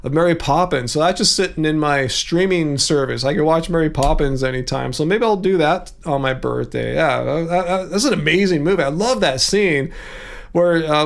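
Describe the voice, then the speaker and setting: A man hosting a casual livestream. He rambles, chuckles often and drops animated asides. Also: a little high. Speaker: livestream host.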